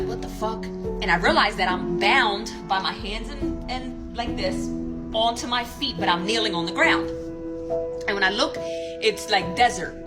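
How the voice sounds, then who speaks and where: A woman telling an earnest, rambling story-time tale in casual chat, swearing freely. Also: mid-range voice. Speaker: social media storyteller.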